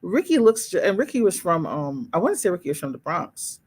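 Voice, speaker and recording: Her voice sits on the low side, brisk and slightly rough. Hosting a laid-back livestream, she reads comments and speaks frankly and expressively right to her viewers, with exclamations and laughter.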